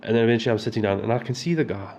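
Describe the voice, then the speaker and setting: A man's voice: lowish voice, very fast, darkish tone, a little hiss or hum. A South African man co-hosting a podcast in casual chat, retelling everyday frustrations in an exasperated way. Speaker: podcast co-host.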